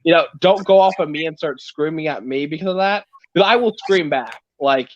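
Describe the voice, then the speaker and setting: A man on a livestream call in casual chat, telling workplace stories in a blunt, animated way. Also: fairly high pitch, fairly quick. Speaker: livestream guest. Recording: dull lo-fi stream audio.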